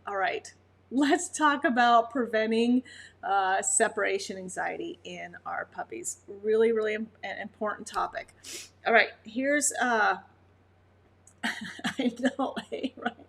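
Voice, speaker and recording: A woman's voice: medium pitch, slow pace, vocal fry, fairly bright tone. A woman from Montana with a Montana accent, a dog breeder chatting casually on a livestream, laughing often and answering viewers' comments. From Montana, USA.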